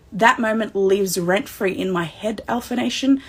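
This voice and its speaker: A woman with an Australian accent hosting a wrestling recap livestream, excitable and emotional as she speaks straight to the fans. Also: medium pitch, moderate pace, breathy edge.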